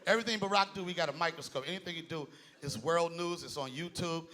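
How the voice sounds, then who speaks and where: A man performing a stand-up comedy set on a club stage with a handheld mic, loud and animated. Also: fairly high pitch, fast, noisy background. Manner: animated, loud, jumps into impressions. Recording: live club with loud crowd laughter.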